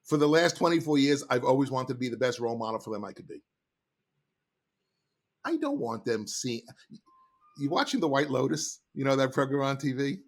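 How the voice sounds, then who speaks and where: A middle-aged man, a sales trainer, telling stories in an animated, emphatic way as a podcast guest. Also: medium pitch, fairly quick, pauses often. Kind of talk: casual interview talk.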